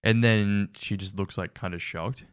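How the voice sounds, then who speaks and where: A man's voice: on the low side, fairly even intonation, moderate pace, clear, resonant tone, no echo. A man hosting a casual reaction commentary, wry and incredulous, laughing often. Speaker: reaction video host.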